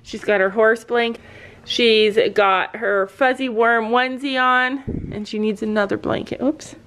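A woman's voice: a little high, fairly even intonation, measured pace, a bit bright, a little hiss or hum. A middle-aged Canadian woman chatting casually in a family vlog, explaining things in a motherly way. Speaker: vlogger mom.

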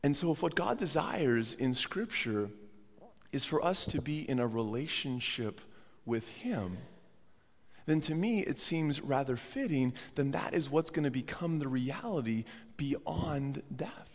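A pastor with a cold preaches in a church sanctuary, earnest and often repeating words as he restarts phrases. His fairly high voice is expressive and unhurried, wrapped in long church-hall reverb.

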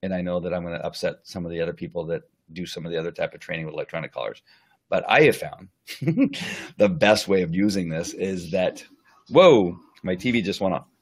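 A man's voice: low-pitched, slightly rough. Chatty man explaining dog training. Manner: chatty, rambling, many fillers and restarts; acts out the dog's thoughts in quick asides. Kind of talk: casual live-stream lesson.

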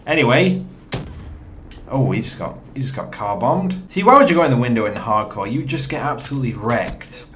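A man's voice: medium pitch, a little fast. Young guy commentating his game, voice jumping up and down a lot, bit of faint hiss behind. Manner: chatty, excitable, talks to viewers. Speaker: gaming commentator. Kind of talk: gameplay commentary.

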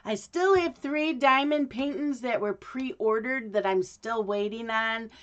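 A woman's voice: fairly high pitch, a little slow, fairly bright tone, highs cut off. A woman vlogging in a casual, rambling way, with frequent ums and restarts. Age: adult. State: hiccups. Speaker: craft vlogger. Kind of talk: casual chat to camera.

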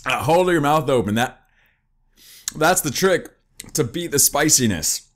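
A man's voice: on the high side, a little slow. A young man giving joking gaming commentary while eating wasabi, groaning and yelping, his voice strained from the spice. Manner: excitable, joking, yelps and groans from spicy food. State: eyes watering, voice strained from wasabi. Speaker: gaming YouTuber.

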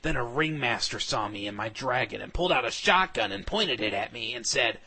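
A man giving a comic, mock-dramatic reading of fan fiction, sometimes bursting into shouts. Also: medium pitch, lively intonation, fairly quick, few pauses, slightly rough. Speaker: reader.

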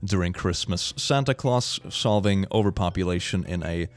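A man's voice: sits low, moderate pace, soft background music. A man who is not a native English speaker, giving jokey, giggly commentary on memes as a streamer and often talking to himself. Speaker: meme reaction streamer. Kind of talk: casual reaction commentary.

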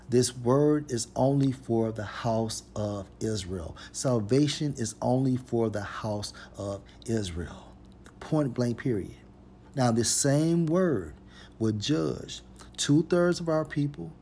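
Slow, emphatic preacher man reading scripture. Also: medium pitch, slight background noise. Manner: emphatic, repeats "point blank, period", reads verses slowly and forcefully.

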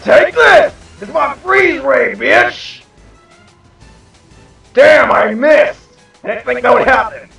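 A man playing a hot-tempered fat mad scientist, shrill and gravelly, spitting out sputtering outbursts. The voice drawls slowly, heard from off the mic in an echoey room. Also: animated, bright, forceful tone, soft background music, heavily acted. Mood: outraged. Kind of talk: improvised comedy fan dub. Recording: echoey, distant home mic.

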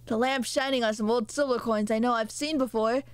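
Sassy teen girl heroine, as a woman puts her on, valley girl drawl, fairly high voice. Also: steady tone, a little fast, smooth, no room sound, close to an everyday voice.

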